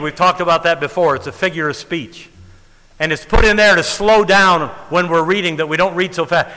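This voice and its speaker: A man preaching a sermon with dramatic pacing, stretching out key words and dropping to a hush. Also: high voice, long reverb tail, rough recording.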